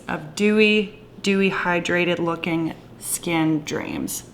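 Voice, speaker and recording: Gushing woman vlogger, low voice. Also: fairly even intonation, unhurried, creaky, few pauses, a little hiss or hum. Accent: playful put-on Southern twang. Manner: gushing, enthusiastic, drifts into soft whispers. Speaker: beauty vlogger. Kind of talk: casual makeup tutorial chat.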